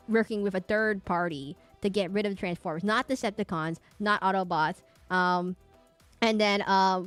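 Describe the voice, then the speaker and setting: A woman's voice: medium pitch, no room sound. A woman streamer chatting casually and rambling from topic to topic at her home setup.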